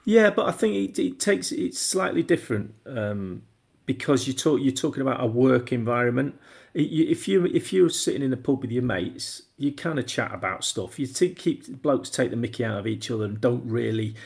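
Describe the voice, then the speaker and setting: A former footballer chatting in an interview, rambling through stories with lots of restarts and acted-out quotes. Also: male voice, medium pitch, animated, normal speed, gravelly, darkish tone. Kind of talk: casual anecdotal interview talk.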